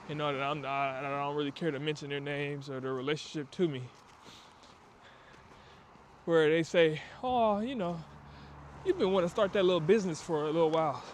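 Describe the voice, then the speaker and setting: A man with a fairly high voice gives a motivational pep talk while out walking. He talks in emphatic, preachy bursts full of slang and acts out little asides. Faint outdoor noise hums behind him. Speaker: vlogger giving a motivational talk. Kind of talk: casual motivational monologue on a walk. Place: outdoors on a walk.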